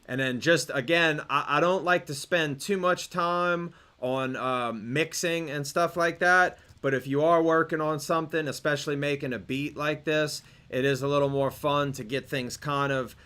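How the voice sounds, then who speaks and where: Young guy walking you through making drums, smooth clear voice, easygoing, lots of um and uh. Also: a little high, moderate pace, few pauses, faint music behind. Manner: relaxed, explanatory, with fillers and restarts. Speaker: music production instructor. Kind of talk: screen-recorded tutorial.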